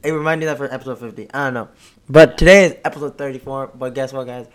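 A man hosting a casual sports podcast, upbeat and chatty, with a slightly hoarse voice. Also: medium pitch, steady tone, quick pace. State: a bit hoarse. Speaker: podcast host.

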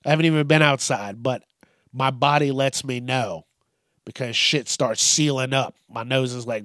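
A man's voice: medium pitch, steady tone, moderate pace, fairly bright tone, no room sound, studio quality. A man hosting a solo comedy podcast, rambling loosely with lots of profanity and amusing himself as he goes. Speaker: podcast host.

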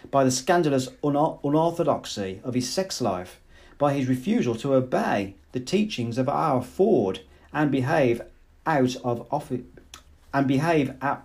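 A man doing a pompous middle-aged director in a storybook reading, lifting his mellow voice slightly and speechifying in a stern, accusing manner. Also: medium pitch.

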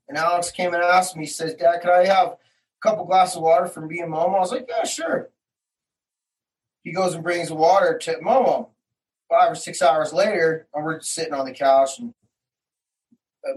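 A man's voice: high-pitched, distant mic, rough recording. A middle-aged man telling an emotional story about his son, agitated, swearing and acting out what others said. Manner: agitated, acts out quotes, swears, rising to shouts. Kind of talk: emotional personal account.

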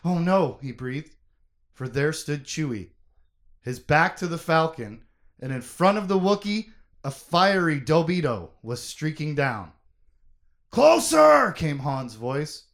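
A man's voice: fairly high pitch, expressive, unhurried. A man recapping a story casually, then reading a long passage aloud with dramatic emphasis. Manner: reads aloud with dramatic emphasis, shouting quoted lines.

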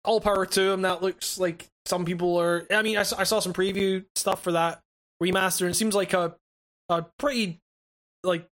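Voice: medium pitch, steady tone, normal speed, fairly bright tone. Stammering casual gaming podcast co-host. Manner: hesitant, stammering restarts, casual swearing.

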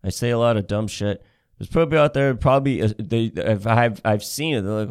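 A man's voice: medium pitch, brisk, darkish tone, smooth. A man hosting his own show, ranting in a blunt, profane way and often repeating himself as he restarts sentences. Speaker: show host. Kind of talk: casual rant.

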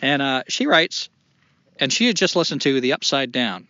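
Bright-voiced casual podcast host, man. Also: medium pitch, lively intonation, moderate pace, no room sound, lo-fi sound. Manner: loose, swearing, self-deprecating.

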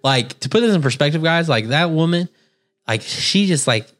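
A man's voice: on the high side, animated, normal speed, fairly bright tone. A young man co-hosting a casual podcast, telling rambling stories in a laid-back, profane way. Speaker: podcast co-host. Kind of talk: casual chat.

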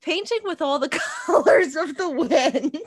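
High-voiced, slow-talking woman. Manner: laughing often, blunt swearing. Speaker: podcast co-host. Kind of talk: casual comedy chat during a card game.

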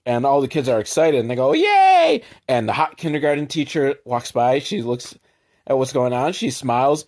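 A man hosting a comedy podcast, sarcastically recapping a film with profanity and quick mock voices for the characters. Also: medium pitch, steady tone, a little mellow.

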